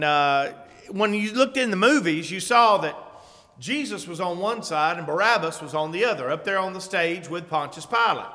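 A man preaching a sermon in a church, his high, bright voice ringing out with a long hall reverb. He tells a story with dramatic flair, belting out the crowd's cries, then drops back into easy, conversational asides that check in with the congregation. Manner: conversational asides with frequent "okay?".

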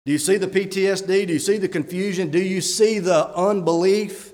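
A man's voice: sits high, steady tone, fairly quick, hardly any pauses, darkish tone. A man, a church elder, preaching a sermon with emphatic rhetorical questions and reading scripture aloud. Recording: long hall reverb.

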